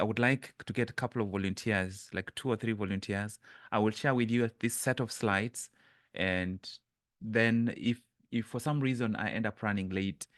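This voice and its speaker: A man's voice: on the low side, no room sound, clean studio sound. Earnest man coaching an online group. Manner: earnest, halting, restarts and repeats words. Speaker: mindset coach leading an online session. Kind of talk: live online coaching talk. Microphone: webcam.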